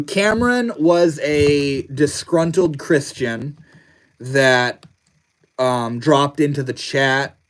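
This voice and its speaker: Laid-back slangy male streamer. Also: mid-range voice. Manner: laid-back and slangy, reading comments aloud. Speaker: livestream host. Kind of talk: casual livestream chat.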